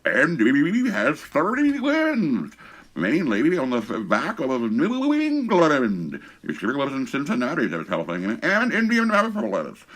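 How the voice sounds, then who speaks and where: A man's voice: medium pitch, huge pitch swings, unhurried, a bit bright. A man co-hosting a podcast in a casual, playful and teasing way. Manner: playful and teasing, with a bouncy up and down delivery. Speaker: podcast co-host. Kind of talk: casual chat.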